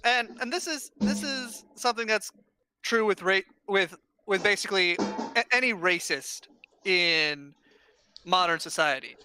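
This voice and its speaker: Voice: mid-range voice, measured pace, music in the background. A host in a casual online discussion over a video call, arguing points and restarting phrases while thinking them through.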